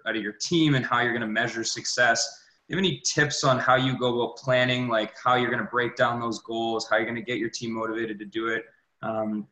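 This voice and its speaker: A man's voice: lowish voice, bright, forceful tone, roomy sound, poor audio. A young man on a group call asking for advice, hesitant and full of fillers. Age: young adult. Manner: hesitant, many fillers and restarts. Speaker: trainer asking a question. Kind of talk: casual question on a group call.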